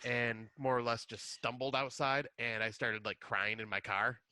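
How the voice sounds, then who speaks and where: A man's voice: mid-range voice, flat delivery, moderate pace, pushed and bright, a little hiss or hum. A young adult man co-hosting a podcast, telling a story in a jokey, self-deprecating way. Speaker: podcast co-host. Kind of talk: casual chat, storytelling.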